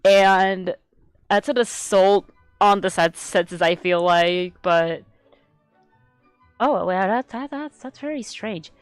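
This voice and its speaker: A woman chatting casually on a live stream, rambling and excitable, swearing freely and getting loud when worked up. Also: lowish voice, takes it slowly, smooth, no echo, faint music behind. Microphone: desk microphone she adjusts.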